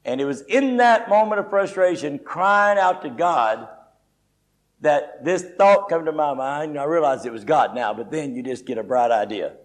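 A man's voice: on the high side, animated, normal speed, low-quality recording. A middle-aged man preaching a conversational sermon in a folksy, emphatic way, often adding "you know".

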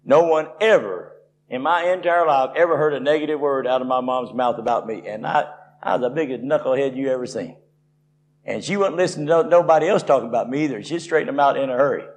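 A man from Tennessee, preaching and telling a personal story in a folksy, rising way. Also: a little high. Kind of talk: sermon testimony.

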